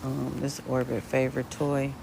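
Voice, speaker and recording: A woman who runs a dog rescue, chatting casually on a live stream in her backyard, switching between high baby talk to the dogs and a relaxed tone for viewers. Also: normal speed, creaky, background noise. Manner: drops to a low, relaxed tone when explaining to viewers. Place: outdoor backyard. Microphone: phone.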